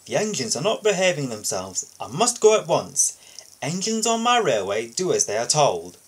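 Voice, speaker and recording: A man reading a storybook aloud and voicing a firm, blustering male railway boss, with a husky tone. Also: fairly high pitch, big pitch swings, moderate pace.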